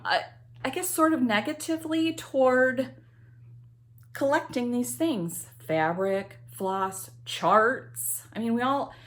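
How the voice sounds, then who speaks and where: A middle-aged woman chatting casually to camera about her cross stitch hobby, rambling with many ums and asides. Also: a little high.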